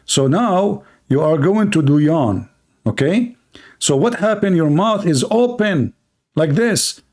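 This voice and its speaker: A man's voice: a little high, lively intonation, slow pace, darkish tone. A man hosting a livestream, talking in a mocking, sarcastic monologue in broken English. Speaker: livestream host. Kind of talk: satirical monologue. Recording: livestream talk to viewers.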